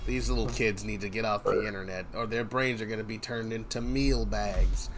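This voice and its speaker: A man's voice: on the low side, fairly even intonation, moderate pace, slight background noise. A man on a game developer's stream, chatting casually and goofing around in silly voices. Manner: goofy, rambling, slips into silly put-on voices.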